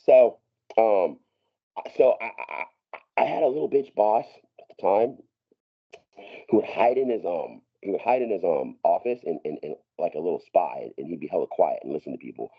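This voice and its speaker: A man's voice: deep voice, lively intonation, normal speed, husky, dull audio. A man telling a long story as a podcast guest, profane and rambling, with many restarts and laughs. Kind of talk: casual storytelling.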